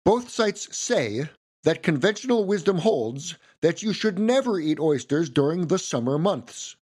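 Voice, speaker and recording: A man's voice: a little high, sing-song, measured pace, a little mellow. A man hosting a history podcast, reading a script in a playful way with wry asides.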